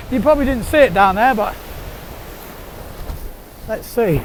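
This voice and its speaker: A windsurfer, a man, narrates his session as he rides, in a very high, light voice. He chats eagerly and laughs often, picked up by a camera mic on his rig. A faint rush of wind sits under his words. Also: takes it slowly, long pauses. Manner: chatty, excitable, laughs often. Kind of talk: casual running commentary while riding. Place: outdoors on the sea, windsurfing. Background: wind noise.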